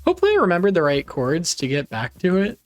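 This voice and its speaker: A man's voice: high-pitched, huge pitch swings, fast talker. A man chatting casually with his viewers on a live game stream, laughing often.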